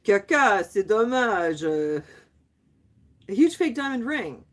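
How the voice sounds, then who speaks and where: A woman's voice: mid-range voice, very animated, takes it slowly. A woman around fifty chatting playfully with viewers on a livestream, laughing often and dropping in French phrases. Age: 50s. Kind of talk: casual live chat.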